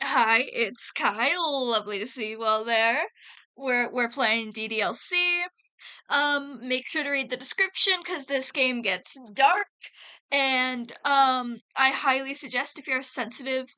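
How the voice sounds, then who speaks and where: A woman with a high, bright voice talks unhurriedly through a gameplay session. She is chatty and giggly and keeps addressing her chat. Faint game music plays behind her. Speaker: let's play gamer. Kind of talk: casual gameplay commentary.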